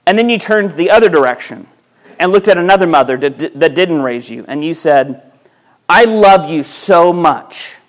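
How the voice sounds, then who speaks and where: High-voiced man preaching a sermon. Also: fairly quick. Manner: conversational preaching with rhetorical questions; repeats words when restarting phrases. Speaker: pastor. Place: church sanctuary.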